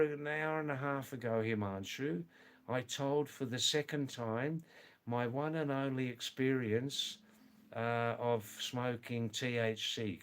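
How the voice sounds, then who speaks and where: An older man chatting slowly and rambling on a live stream, answering viewers by name. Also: mid-range voice. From lives in the Himalayas of northern India. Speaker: livestream host.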